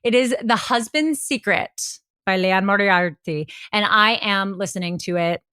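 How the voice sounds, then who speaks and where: A woman co-hosting a podcast in casual, playful chat, full of quick jokes and asides. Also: mid-range voice, bright, forceful tone, clean tone, no echo, studio quality. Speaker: podcast co-host.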